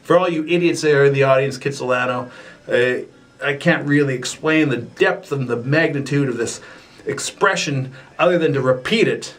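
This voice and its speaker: A comic performer doing a whiny, petulant rant as a wrestler, with slow repeated chanting and bits of singing. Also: male voice, mid-range voice, fairly bright tone, poor audio. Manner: sings along to a ukulele. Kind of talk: comedy rant monologue. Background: faint ukulele.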